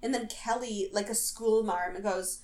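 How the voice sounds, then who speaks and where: A woman's voice: mid-range voice, fairly even intonation, unhurried, a little mellow. A woman co-hosting a podcast, summarizing a show in casual recap chat with plenty of fillers. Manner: matter-of-fact summarizing with fillers. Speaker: podcast co-host.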